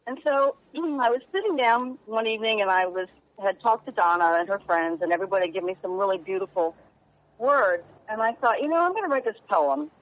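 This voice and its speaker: A woman journalist speaking as a radio guest in an earnest, halting, heartfelt way. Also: medium pitch, animated. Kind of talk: phone-in radio interview. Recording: tinny phone line.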